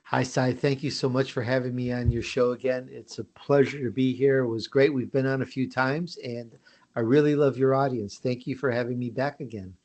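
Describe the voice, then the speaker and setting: An American man chatting as a podcast guest in an easygoing, self-promoting way. He often restarts his sentences and uses fillers. His voice sits at a middling pitch. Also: steady tone, moderate pace, a little mellow. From United States. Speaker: podcast guest, host of his own show. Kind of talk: casual interview talk.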